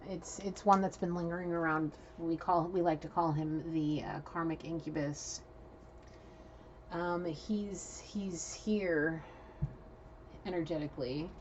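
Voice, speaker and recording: Woman tarot reader, low voice, casual and blunt; muffled recording with faint hiss. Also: a little mellow. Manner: chatty and blunt, swears freely. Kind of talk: casual channeled tarot reading.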